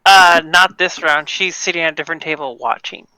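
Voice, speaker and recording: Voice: medium pitch, a little fast, pushed and bright, smooth, no room sound, rough recording. A tabletop game player speaking casually and partly in character, with coy, playful answers.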